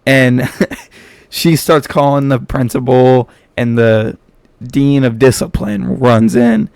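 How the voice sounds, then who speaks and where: A man tells a personal story in an easygoing, slangy, self-mocking manner. His middle-pitched voice has a gravelly crackle. The recording is dry and close, with no room sound. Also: fairly even intonation, slow pace, a little mellow, no room sound. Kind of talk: casual story time.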